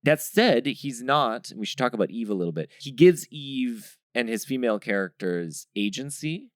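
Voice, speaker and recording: A man co-hosting a film podcast, talking casually with lively, rambling thoughts. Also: medium pitch, normal speed, no echo, clean studio sound. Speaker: podcast co-host. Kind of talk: casual chat.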